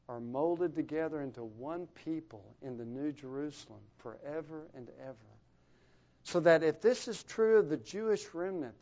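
Preacher man with a dull lo-fi sound. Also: fairly high pitch. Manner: rising and falling in volume for emphasis, dropping to a hush. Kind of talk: sermon. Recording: dull lo-fi recording.

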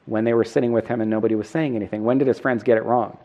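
A man's voice: medium pitch, fairly even intonation, rapid-fire, dark tone, highs cut off. A middle-aged man preaching a sermon, earnest and self-deprecating, putting questions to the congregation. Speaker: pastor.

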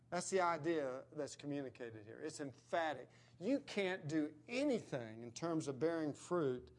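Man, preacher, slightly high-pitched, earnest, emphatic sermon delivery.

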